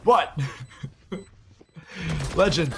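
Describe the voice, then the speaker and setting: A man calling live esports play-by-play, excitable, with quick exclamations and frequent laughs. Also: fairly high pitch, slight background noise.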